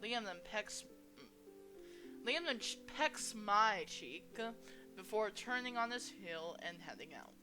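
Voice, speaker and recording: A young woman reads a dating visual novel aloud for her channel. Her voice is bright and forward, with pitch in the middle of the range for a woman. She talks casually and swears freely. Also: animated, slow, soft background music. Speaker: let's play host.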